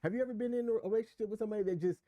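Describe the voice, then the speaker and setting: A male co-host on a relationship podcast rattles off his views at length in rapid-fire fashion, candid and emphatic. His voice sits high but carries a dark tone, and there's no room sound in the casual chat.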